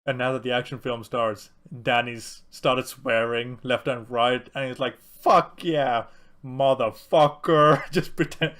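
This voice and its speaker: Man, medium pitch, casual film chat, animated, laughs often. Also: normal speed, hardly any pauses. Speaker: podcast co-host.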